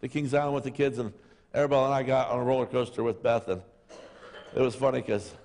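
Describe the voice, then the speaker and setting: A man's voice: mid-range voice, fairly even intonation, fast talker, a little mellow, a little hiss or hum. A middle-aged man preaching a sermon as pastor, telling jokey stories and acting out voices. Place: church sanctuary. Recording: long reverb of a hall.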